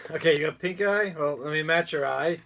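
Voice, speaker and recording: A man's voice: on the high side, moderate pace, vocal fry, over a noisy crowd. A man co-hosting a casual podcast, chiming in with dry jokes. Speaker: podcast co-host. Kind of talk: casual chat.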